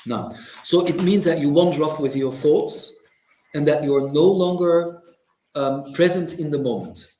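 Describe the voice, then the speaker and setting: A man teaching a religious class in a community centre, lively and teasing, mimicking complainers. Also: fairly high pitch, measured pace, slight background noise. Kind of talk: lecture to a class. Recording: echoey hall.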